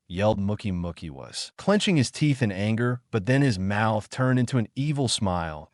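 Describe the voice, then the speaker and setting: Male narrator, low register, dry close sound, even scripted storytelling. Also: normal speed, no room sound.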